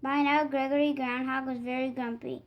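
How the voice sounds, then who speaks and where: A woman with a high voice reads a children's picture book aloud. Her telling is gentle and expressive, the way a bedtime story is read. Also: moderate pace, lo-fi sound. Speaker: storybook reader.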